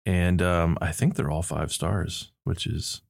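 A man's voice: sits low, steady tone, takes it slowly, creaky. A middle-aged man hosting a church podcast, bantering and reading listener reviews aloud with playful emphasis. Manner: playful, laughs often, reads aloud with mock emphasis. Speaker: podcast host, seminary professor.

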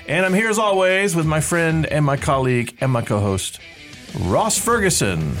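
A man's voice: fairly high pitch, big pitch swings, moderate pace, fairly bright tone, soft background music. A middle-aged man hosting a podcast in casual chat, with dry, joking banter. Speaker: podcast host, seminary professor.

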